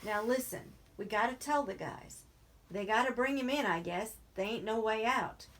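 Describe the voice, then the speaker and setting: A woman's voice: a little high, normal speed, fairly bright tone. A woman reading aloud as a worried male ranch worker who talks urgently and pleads.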